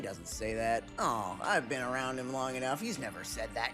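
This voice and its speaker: A man's voice: mid-range voice, normal speed, few pauses. Crude, rambling male streamer. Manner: rambling, crude and joking, reading chat aloud. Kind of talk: casual stream chat. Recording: background music under voice. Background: game music.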